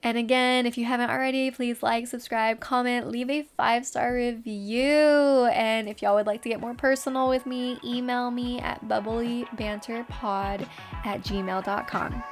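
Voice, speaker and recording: Chatty young woman podcaster, higher voice. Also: a little slow, soft background music. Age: 20s. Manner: chatty and animated, heavy use of "like" and "y'all". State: throat getting sore. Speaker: podcast host. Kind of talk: casual podcast chat reacting to a reader story.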